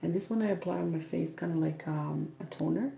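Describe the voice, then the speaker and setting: A woman from South Sudan, speaking calmly and softly in a casual livestream Q&A as a YouTuber, reading out viewer comments. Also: sits low, brisk, gravelly, echoey room, muffled recording. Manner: calm, soft-spoken, reads out viewer comments. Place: home room with ring light. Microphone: camera on ring light.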